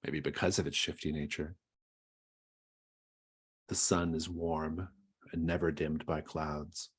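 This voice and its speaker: A man narrating a tabletop game as its game master, with descriptive, unhurried storytelling. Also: a bass voice, level tone, slightly rough.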